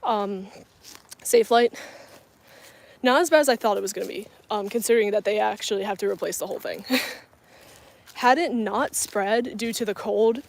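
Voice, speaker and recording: A woman's voice: mid-range voice, moderate pace, gravelly, long pauses. A woman in her twenties from coastal North Carolina, chatting casually with her viewers on a phone camera while outdoors, laughing often as she answers their comments. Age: 20s. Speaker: vlogger. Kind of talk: casual livestream chat. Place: outdoors, parking lot and grassy area.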